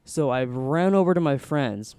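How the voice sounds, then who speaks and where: A young man hosting a podcast, casually rambling through an animated story. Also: medium pitch, moderate pace, clear, resonant tone, dry recording. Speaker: podcast host.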